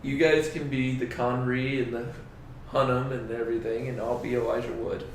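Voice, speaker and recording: Male podcast co-host, mid pitch, playful and jokey, echoey room sound. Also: little pitch movement, brisk, a little hiss or hum. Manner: laughs often, playful banter. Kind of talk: casual podcast chat.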